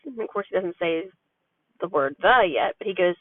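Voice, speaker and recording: In a candid personal vlog, a woman who vlogs about parenting rambles chattily and frankly about her family life. She has a lowish, expressive voice and a moderate pace. The audio is dry and tinny like a phone, with no room sound.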